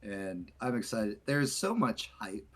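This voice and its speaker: A man hosting a casual stream chat, teasing and animated. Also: fairly low pitch, slow pace. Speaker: host.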